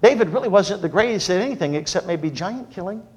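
A man delivering a sermon with a fairly high voice. He tells jokes with lively energy, then drops into a low, earnest exhortation. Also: fast talker. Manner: animated, humorous storytelling then earnest preaching. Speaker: preacher.

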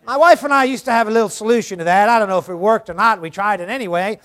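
A man with a very high voice preaches a sermon. He is a middle-aged pastor who talks earnestly to his congregation and keeps asking them questions. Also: very fast, fairly bright tone.

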